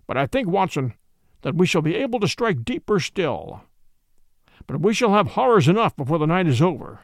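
A man's voice: on the high side, creaky, dry recording, studio quality. A man reading as Sherlock Holmes, grave and exact. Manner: measured, explanatory. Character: brilliant calm male detective, grave and precise.

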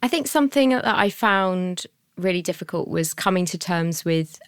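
Woman in her 30s on a podcast, lowish smooth voice, chatty and reflective. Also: animated, moderate pace, dry recording, studio quality. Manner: earnest, reflective, laughs easily. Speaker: guest, sewing business owner. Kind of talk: podcast interview.

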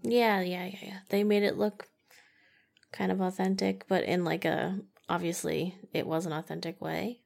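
A woman's voice: lowish voice, little pitch movement, moderate pace, creaky, darkish tone. A young woman co-hosting a casual movie review podcast, chatty and full of "like". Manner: chatty, heavy use of "like". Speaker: podcast co-host.

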